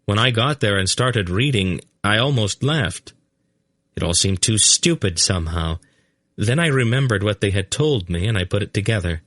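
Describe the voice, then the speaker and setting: A man's voice: lowish voice, lively intonation, normal speed, fairly bright tone, dry recording, studio quality. A man reading the part of an earnest young man who grimly insists on being heard. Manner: grim, insistent.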